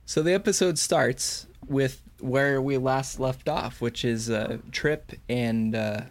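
Guy rambling thru a show recap, mid-pitched voice, crude jokes. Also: slow pace. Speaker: podcast co-host. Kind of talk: casual chat, episode recap.

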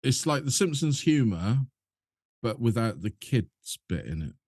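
A man's voice: medium pitch, big pitch swings, a little slow, a little mellow, breathy edge, no room sound, clean studio sound. A man co-hosting a casual podcast chat, talking keenly and often stopping to restart his words. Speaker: podcast co-host.

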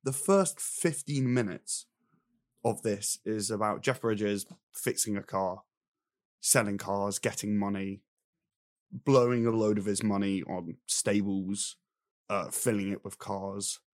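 A young man in casual chat, reviewing a film from his notes with animated, exasperated ranting and mocking voices for the characters. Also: fairly low pitch, slow pace, dry recording, studio quality. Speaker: film review podcast co-host.

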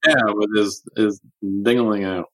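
A man's voice: fairly low pitch, fairly even intonation, a little slow, no echo, rough recording. A man who is a novelist, chatting as a podcast guest in a dry, understated way. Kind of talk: casual chat.

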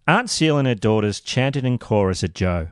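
Brief: male host, low and animated, sardonic true-crime narration, dry close mic. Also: moderate pace, clean tone, no echo. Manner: sardonic, expressive. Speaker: podcast host.

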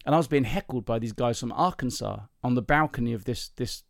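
A man who works as a comedian, chatting casually on a podcast and acting out jokes with lively, sing-song voices. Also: medium pitch, fast, gravelly, dry recording, clean studio sound. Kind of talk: casual chat and joke telling.

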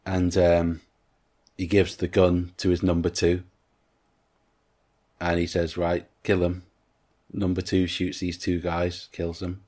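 A man with a very deep voice that barely rises or falls talks casually about a film he has watched. He retells scenes in detail and slips into quoting what the characters say. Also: monotone, slow pace, long pauses, darkish tone. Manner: recounts scenes at length, acting out lines. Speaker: podcast co-host.

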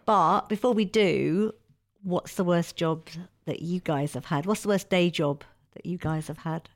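A woman's voice: fairly low pitch, unhurried. A woman hosting a comedy podcast, chatty and asking her guests questions. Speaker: podcast host. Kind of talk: casual chat.

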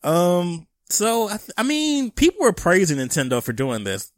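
A man co-hosting a casual gaming podcast, animated and teasing. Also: high-pitched, normal speed, dry recording, studio quality. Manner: animated, teasing, laughs often. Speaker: podcast co-host.

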